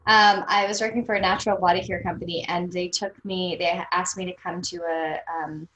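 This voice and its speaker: A Canadian woman in her thirties, a guest on an interview show, telling personal stories casually with lively quoted voices and frequent laughter. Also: lowish voice, brisk. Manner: animated, laughs often, quotes people in voices. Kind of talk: casual storytelling. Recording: roomy echo.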